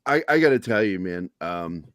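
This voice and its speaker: Brief: middle-aged man, deadpan storyteller, lively pitch, dry close mic. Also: moderate pace, dry recording. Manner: deadpan storyteller with dark humor. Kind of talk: casual chat.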